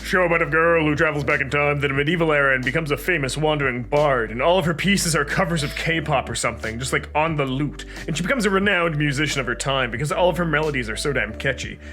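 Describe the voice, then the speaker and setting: A man's voice: fairly high pitch, quick pace, few pauses, pushed and bright, faint music behind. A man co-hosting a casual comedic chat, playful and laughing often. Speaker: co-host.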